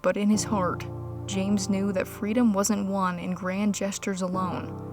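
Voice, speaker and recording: A woman reading a scripted history story in a measured, dramatic storytelling manner. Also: medium pitch, little pitch movement. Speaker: narrator. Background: music.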